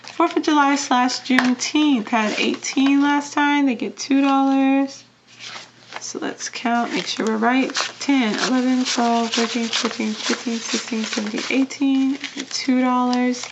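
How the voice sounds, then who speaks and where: A young woman vlogger chatting casually as she counts cash into envelopes, often dropping to a soft murmur. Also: sits high, fairly even intonation, measured pace, lo-fi sound, background noise. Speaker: vlogger doing budgeting videos.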